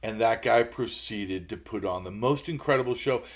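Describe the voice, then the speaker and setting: A man's voice: on the low side, normal speed. A middle-aged man, a podcast co-host, telling a rambling story in casual chat and acting out what people said. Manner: rambling animated storyteller, acts out quotes.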